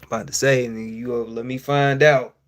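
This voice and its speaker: A man hosting a casual live-stream Q&A, swearing freely and joking with viewers, laughing often and swinging between loud outbursts and quiet asides. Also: medium pitch, fairly even intonation, a little fast, slight background noise. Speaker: streamer host.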